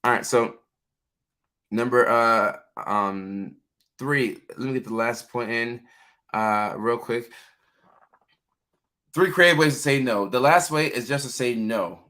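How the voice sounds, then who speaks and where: A man's voice: medium pitch, slow, long pauses, sharp tone. A man hosting a casual livestream, chatting freely with lots of fillers and reading viewers' names aloud. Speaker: livestream host, mental health clinician.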